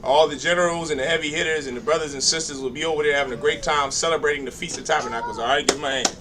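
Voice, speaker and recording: A man's voice: on the high side, fairly even intonation, rapid-fire, heavy background noise. A man leading a religious class, preaching and making announcements with loose, joking asides and call-and-response. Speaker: class leader. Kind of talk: sermon-style class address. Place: congregation hall.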